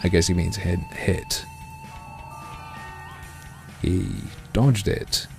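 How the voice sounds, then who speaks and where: A man's voice: low voice, very slow, gravelly, soft background music. A man narrating and commenting on a video game with sardonic, crude asides. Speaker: let's play host.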